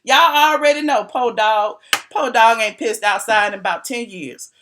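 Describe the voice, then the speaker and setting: A woman's voice: a little high, sing-song, slow pace, pauses often, fairly bright tone. A woman vlogger giving sassy, casual gossip commentary, repeating herself for emphasis and laughing between lines. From Atlanta, US. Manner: sassy, repetitive, laughing asides.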